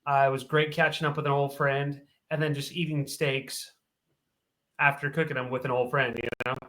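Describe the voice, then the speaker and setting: A man's voice: medium pitch, little pitch movement, moderate pace, bright, forceful tone. A man co-hosting a food podcast in casual chat, friendly and jokey, asking the guests questions. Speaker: podcast co-host.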